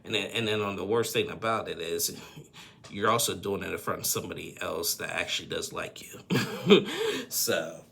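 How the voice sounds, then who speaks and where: A man's voice: low-pitched, big pitch swings, normal speed, vocal fry, fairly bright tone, slight background noise. A man giving a rambling, opinionated casual recap of a TV episode, often tacking on "and stuff and everything".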